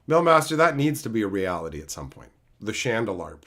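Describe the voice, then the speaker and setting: Speaking a little fast in a fairly low pitch, this Canadian man in his thirties live-streams while addressing chat members by name. His talk is an animated, swear-heavy rant.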